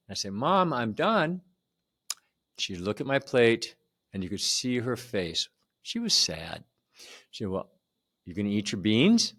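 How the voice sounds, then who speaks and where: A man in his seventies telling a personal childhood story to camera in a conversational way, repeating words for emphasis. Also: fairly low pitch. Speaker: channel host.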